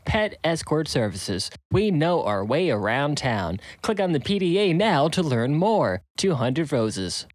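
A man voicing a calm automated phone voice that announces travel and reads an ad. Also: on the high side, measured pace, few pauses, no room sound, pitched above the performer's own voice. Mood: calm announcing. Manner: announcing, ad-like delivery.

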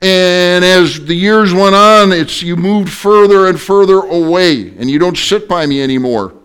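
A woman's voice: on the low side, a little slow, smooth, voice pushed up, close to an everyday voice. A male preacher voicing an older wife who plaintively asks her husband why he no longer sits close to her. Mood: wistful pleading. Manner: plaintive, repeating herself.

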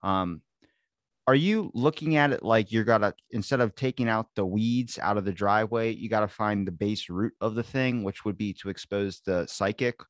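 A man's voice: on the low side, moderate pace, no room sound, studio quality. A man from the southern United States hosting a podcast, asking long, rambling questions and cracking jokes in casual chat. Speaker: podcast host.

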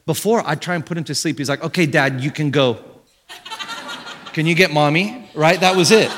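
A man in his thirties preaching a sermon from a church stage, telling an animated story about his family and jumping up into high shouts for quoted voices. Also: in a large hall. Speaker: pastor.

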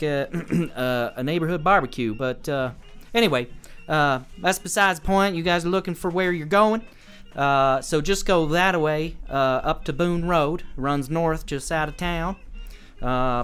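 A man's voice: on the high side, a bit bright, clear, resonant tone, lightly acted. A man voicing a folksy, wary small-town woman who talks in a casual country drawl.

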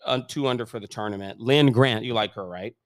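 A man's voice: medium pitch, a little fast, no room sound, clean studio sound. Podcast co-host, male, mid-range voice, talks in eager bursts. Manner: enthusiastic, rambling, trails off mid-thought. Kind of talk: casual golf chat.

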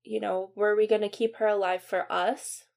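A young woman recounts a painful family memory on her podcast. She speaks haltingly, with many fillers and restarts, and goes quiet and subdued at the hardest moments. Her pitch sits in a middle range. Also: flat delivery, gravelly. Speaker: podcast host. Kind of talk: personal storytelling.

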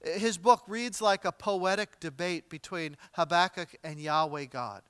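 A man's voice: high voice, measured pace, a bit bright, clear, resonant tone, no echo. A man preaching a sermon as pastor, conversational with light humor, turning dramatic when he reads scripture aloud. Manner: dramatic readings with wide swings in volume.

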